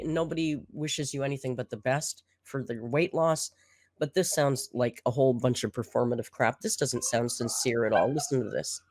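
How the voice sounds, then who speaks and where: A woman with a low voice and a slight hoarseness comments on a video she is reacting to. Her tone stays sarcastic and dry. The sound is close and dry, with no room around it. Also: no room sound. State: slightly hoarse after being sick. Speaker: reaction channel host.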